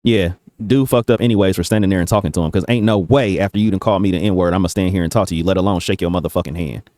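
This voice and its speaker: A man's voice: low voice, very fast, darkish tone, no echo, studio quality. A man hosting a reaction video, giving his blunt, profane take in casual streetwise slang.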